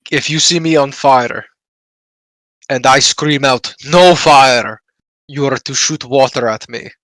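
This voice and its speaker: A man's voice: medium pitch, fairly even intonation, a little slow, fairly bright tone, no room sound, natural voice. A man voicing an odd male warrior who speaks blunt, broken sentences without articles. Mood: earnest. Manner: drops articles, earnest, blunt.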